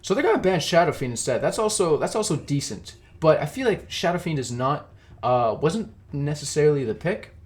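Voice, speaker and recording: Young dude casting a game by himself, mouth full of food, kinda rambly, self-deprecating. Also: male voice, fairly high pitch, very animated, brisk. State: eating while talking. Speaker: esports caster. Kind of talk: casual solo game commentary.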